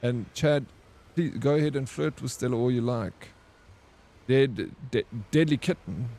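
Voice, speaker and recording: A man's voice: medium pitch, unhurried, mellow. A man streaming a game, chatting casually and bantering with viewers as he reads their messages aloud. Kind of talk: casual livestream chat.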